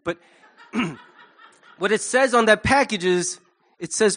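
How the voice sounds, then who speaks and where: High-voiced male pastor preaching casually. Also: slow, pauses often, fairly bright tone. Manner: conversational and humorous, with acted asides. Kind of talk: sermon. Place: church.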